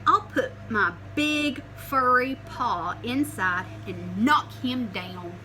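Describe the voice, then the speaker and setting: A big, boastful storybook bear that talks slowly and steadily, as a woman reading aloud puts him on. His voice is bright and lively and climbs high when he bellows. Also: soft background music, full character voice.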